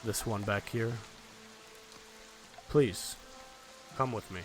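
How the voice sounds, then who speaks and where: A man voicing an eerily polite male villain leader, soft, slow and courteous. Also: fairly low pitch, soft background music. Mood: inviting.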